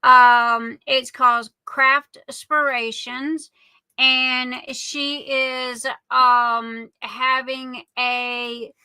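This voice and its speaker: A woman, hosting a live stream and greeting each viewer in a rambling, affectionate way. Her voice sits high and sounds very bright, and she talks at an unhurried pace. The sound is dry and close, with no room echo. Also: flat delivery, clean tone. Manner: chatty, affectionate, rambling with many fillers. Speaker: livestream host. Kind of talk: casual chat greeting viewers.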